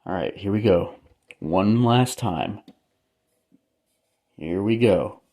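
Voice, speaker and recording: A man's voice: on the low side, slow pace, dark tone. A young man vlogging casually indoors, chatting to his viewers as he goes and speaking through the camera mic. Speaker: hobby vlogger. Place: indoor room lit by disco lights.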